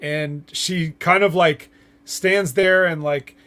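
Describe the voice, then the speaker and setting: A man's voice: on the high side, steady tone, takes it slowly, bright, forceful tone. A man co-hosting a casual podcast, recapping events in a hesitant way full of ums and uhs. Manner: hesitant, filler-heavy recapping. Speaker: co-host.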